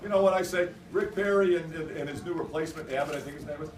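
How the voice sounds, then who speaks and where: A man, a governor, giving a rousing political stump speech in a restaurant function room, emphatic and repetitive, building to loud rallying cries. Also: a little high, quick pace, a little hiss or hum. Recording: echoey room, mic at a distance.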